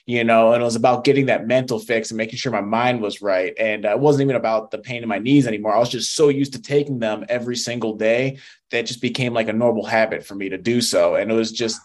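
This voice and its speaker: A man's voice: mid-range voice, steady tone, quick pace. A young man telling his recovery and faith story as an interview guest, earnest and emotional, with frequent fillers. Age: young adult. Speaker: podcast guest. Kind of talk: testimony in casual interview.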